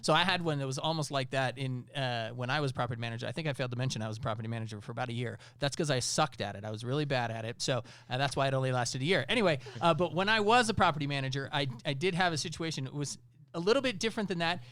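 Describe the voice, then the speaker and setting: A man co-hosting a podcast, chatting casually with quick, joking asides. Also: mid-range voice, fairly bright tone, clean tone, dry recording. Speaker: podcast co-host.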